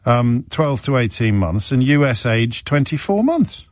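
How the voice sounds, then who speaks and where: A middle-aged man hosts a radio phone-in from a dry studio. His pitch swings about animatedly as he chats, and he is self-deprecating and stumbles over restarts. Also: a little slow, dry recording. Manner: chatty, self-deprecating, lively, with stammering restarts. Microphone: studio microphone.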